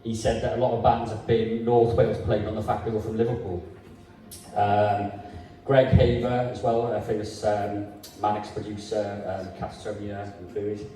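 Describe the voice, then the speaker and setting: A man interviewing a guest on stage, asking questions hesitantly with many pauses. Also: on the low side, flat delivery, warm tone, very echoey, distant mic, rough recording.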